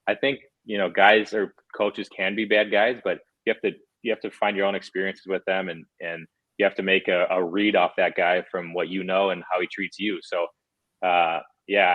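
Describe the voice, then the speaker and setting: Candid rambling former hockey player, low voice. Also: male voice, level tone, brisk, no echo, highs cut off. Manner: rambling, candid, many fillers and restarts. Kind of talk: casual interview chat.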